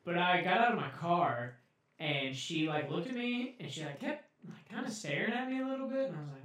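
Animated young man, echoey off-mic. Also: sits high, a little fast, distant mic. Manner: animated storyteller, mimics voices, swears casually. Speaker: podcast co-host. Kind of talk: casual chat.

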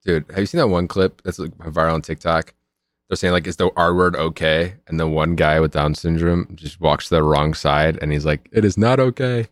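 A young man co-hosting a podcast in casual chat, animated, swearing and quick to laugh. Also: extremely low pitch, dry recording, studio quality. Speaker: podcast co-host.

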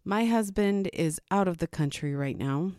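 A woman's voice: lowish voice, lively intonation, normal speed, warm tone, no echo, studio quality. A woman in her thirties, tired after a sleepless night, casually telling a rambling story about her night with a self-mocking laugh. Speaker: podcast host.

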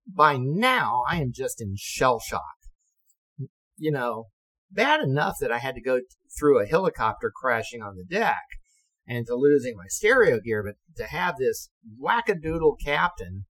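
A man's voice: fairly high pitch, lively intonation, moderate pace, fairly bright tone, low-quality recording. An older man, a navy veteran, telling a casual anecdote in a salty, self-deprecating way with colorful slang.

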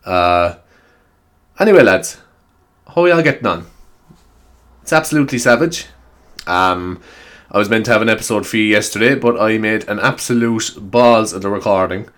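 Rambling Irish podcast host. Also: male voice, lowish voice, normal speed, a bit bright. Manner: rambling, self-mocking, swearing, many restarts. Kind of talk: casual solo podcast chat. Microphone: new microphone.

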